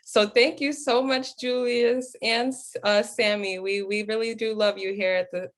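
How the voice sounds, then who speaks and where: A woman's voice: on the high side, fairly even intonation, a little slow. A woman emcee introducing speakers at a press conference, thanking them with frequent fillers. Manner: warm thanks, hesitant fillers. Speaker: event emcee.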